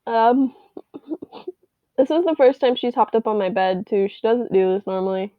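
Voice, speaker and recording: A young woman vlogger with a high, slightly hoarse voice rambles and chats unhurriedly, as if giving a casual video update from her bedroom. The recording is thin, tinny and phone-like, with no room echo at all.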